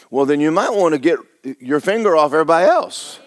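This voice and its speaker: A man's voice: a little high, expressive, a little fast, no echo. A man preaching a sermon as pastor, talking to his congregation with rhetorical questions. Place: church sanctuary.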